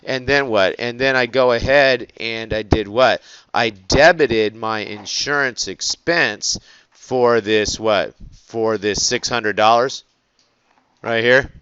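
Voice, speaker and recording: A man lectures on accounting, repeatedly tossing rhetorical questions at his students. His voice is smooth and resonant, with a mid-range pitch. The recording is dry and somewhat dull. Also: slow, no room sound. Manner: asks the class rhetorical questions, animated. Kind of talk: classroom lecture.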